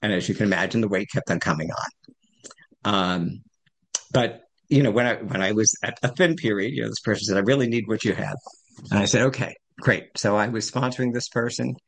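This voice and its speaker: A man's voice: on the low side, a little fast, creaky. A man in his sixties telling his recovery story at a support meeting, rambling and self-deprecating. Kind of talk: personal recovery share.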